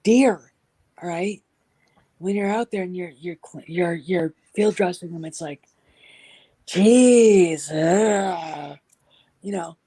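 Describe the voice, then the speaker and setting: A woman with a husky voice chatting casually, telling animated stories and acting out what people said. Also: lowish voice, a little slow, poor audio. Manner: animated storyteller, acts out quotes. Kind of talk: casual chat.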